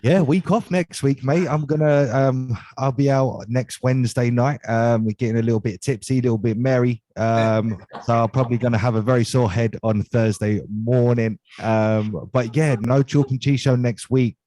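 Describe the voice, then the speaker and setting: A man's voice: mid-range voice, steady tone, moderate pace, few pauses, mellow, dry recording. A man with an English accent, co-hosting a show, chatting casually and cracking cheeky jokes. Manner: jokey, cheeky, friendly. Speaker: co-host. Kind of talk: casual podcast chat.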